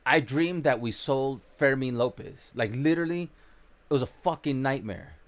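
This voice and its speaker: A man hosting a gaming livestream in casual chat, chatty and greeting viewers by name, his voice a bit rough from just waking up. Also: medium pitch, animated, normal speed.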